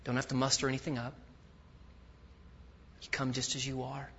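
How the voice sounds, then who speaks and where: A man preaching a sermon as a guest speaker, swinging from loud emphatic peaks to quiet, intimate asides. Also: mid-range voice, completely flat delivery, normal speed, creaky, breathy edge. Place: large church sanctuary. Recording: dull audio with long hall reverb.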